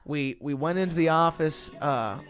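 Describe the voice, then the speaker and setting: A man, hosting a casual podcast chat and telling stories with lively acted-out quotes and frequent laughs. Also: fairly high pitch, moderate pace, soft background music. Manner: animated storyteller, acts out quotes, laughs often. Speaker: podcast host, musician.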